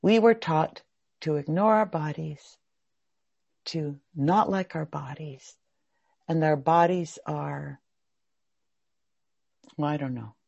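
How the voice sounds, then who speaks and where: A woman leads a group over a video call, her voice gravelly and a little husky and swinging widely in pitch. She keeps putting questions to the group. The sound is dry and somewhat dull. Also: no echo. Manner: animated, asks the group questions. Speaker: workshop host.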